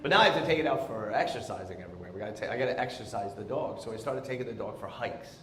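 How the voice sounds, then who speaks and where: A man performing a stand-up comedy set on a theatre stage, telling stories in an animated, exasperated way through a handheld microphone. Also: lowish voice, very fast, a little hiss or hum. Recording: roomy theatre echo.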